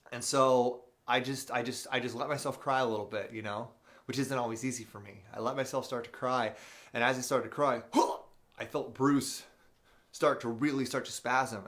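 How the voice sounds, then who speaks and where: A man hosts an unscripted live motivational show. He tells a personal story in a loose, animated way, full of fillers and restarts. His voice sits at a middle pitch. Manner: reads viewer questions aloud.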